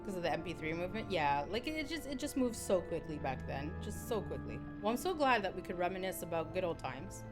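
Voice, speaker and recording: A young woman streaming a game live, chatting freely with her viewers and reading their messages aloud. She is expressive, often exclaiming and laughing. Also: fairly low pitch, quick pace, hardly any pauses. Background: game music.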